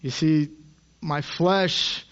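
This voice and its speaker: A man's voice: a little high, steady tone, extremely slow, a bit bright, smooth. Earnest preacher man, muffled recording. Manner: earnest, acts out quoted voices with rising emphasis. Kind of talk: sermon.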